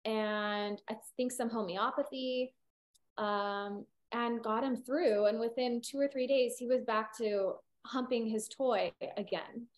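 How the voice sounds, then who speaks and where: A middle-aged woman with a somewhat high voice, a veterinarian talking loosely in an interview. She rambles, piles on fillers and restarts her sentences as she explains. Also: steady tone, takes it slowly. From California. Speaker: holistic veterinarian guest. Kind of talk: casual interview conversation.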